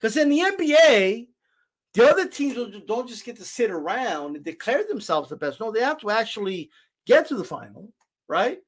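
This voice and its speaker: A man's voice: high voice, sing-song, moderate pace. A man hosting a reaction commentary who argues his point hard and keeps asking "right?". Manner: argumentative, keeps repeating "right?". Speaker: channel host reacting to a clip.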